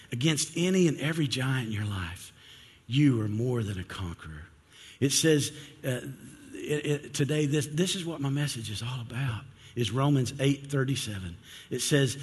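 A man's voice: medium pitch, slightly rough, big-room sound. A man preaching a sermon from the pulpit, retelling a story with energy and stumbling over restarts as he goes. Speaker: pastor. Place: church sanctuary.

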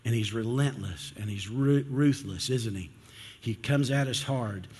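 A man's voice: mid-range voice, unhurried, a little mellow, slightly rough, long reverb tail. A man preaching a sermon from the pulpit, retelling a story with energy and stumbling over restarts as he goes. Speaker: pastor. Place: church sanctuary.

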